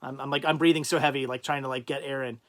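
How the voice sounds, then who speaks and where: A man hosting a casual livestream, rambling and thinking out loud as he reads out and answers viewers' chat comments. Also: mid-range voice, steady tone, quick pace. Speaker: livestream host.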